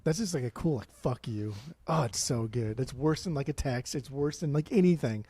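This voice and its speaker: Blunt man, mellow dry voice. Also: mid-range voice, a little fast, husky, no room sound. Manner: blunt, swears, many restarts and "like". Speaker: podcast co-host. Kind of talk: casual music chat.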